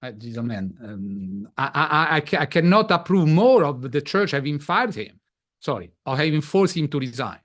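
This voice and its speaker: A man's voice: on the high side, big pitch swings, moderate pace, fairly bright tone. A man from Italy with an Italian accent, speaking as an interview guest and stopping often to repeat words. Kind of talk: casual interview talk.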